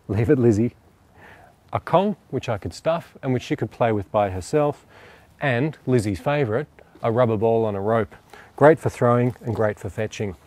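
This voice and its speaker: A man working as a dog trainer, calmly explaining a training demonstration while crouched beside a dog. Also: medium pitch. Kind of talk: instructional demonstration.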